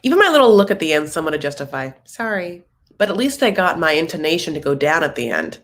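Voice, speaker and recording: A woman hosting a casual livestream recap of a reality show, animated and jokey, full of fillers and playful put-on voices, laughing at her own jokes. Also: sits low, fast talker.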